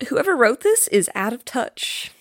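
A woman's voice: fairly high pitch, very animated, unhurried, fairly bright tone, no room sound, studio quality. A woman co-hosting a podcast, chatting bluntly and sarcastically about a movie, swearing freely. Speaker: podcast co-host. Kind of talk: casual movie recap chat.

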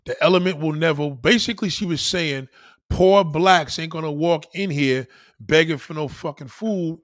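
A middle-aged man talking in a casual, animated monologue, profane and rambling, full of restarts and acted-out quotes. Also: a little high, measured pace, no room sound, studio quality.

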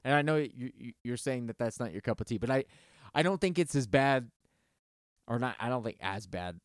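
Smooth-voiced man ranting casually, cursing freely. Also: mid-range voice, moderate pace, no room sound, studio quality. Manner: animated, profane, rambling with restarts. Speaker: podcast co-host. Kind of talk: casual music review chat.

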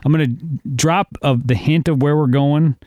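A man hosts a loose, comedic podcast, trading crude jokes and teasing his co-host. His voice sits a little high for a man. The sound is close and dry. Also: fairly even intonation, normal speed, dry recording, highs cut off. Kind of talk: casual comedic podcast banter.

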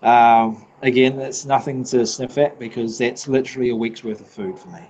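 A man's voice: medium pitch, fairly even intonation, moderate pace, darkish tone, muffled recording, a little hiss or hum. A man from New Zealand with a New Zealand accent, a podcast guest in casual chat who laughs often, swears freely and restarts his sentences.

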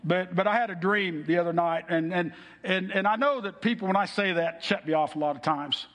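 High-voiced pastor in a reverberant hall. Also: male voice, brisk, a bit bright. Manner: earnest, heartfelt storytelling. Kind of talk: sermon.

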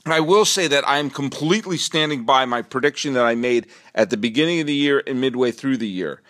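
A middle-aged man with a New England accent hosting a solo sports podcast, rambling and animated, swinging from low asides to excited outbursts. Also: fairly quick. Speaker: podcast host.

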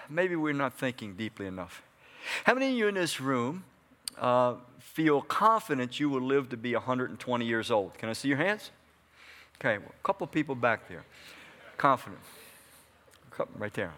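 A man's voice: medium pitch, sing-song, moderate pace, a bit bright. A man preaching a sermon in a conversational way, asking his congregation questions and answering them. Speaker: pastor. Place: church hall before a congregation.

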